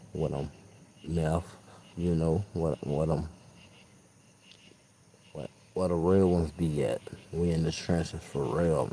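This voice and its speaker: A man with an extremely deep, dark voice and a flat, steady delivery delivers an emphatic street monologue at night. He keeps checking in with the listener after almost every line, and faint crickets chirp around him outdoors. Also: slight background noise, rough recording. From Louisiana, USA. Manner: emphatic, repeats "you heard me" constantly. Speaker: street vlogger. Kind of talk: casual street monologue to camera.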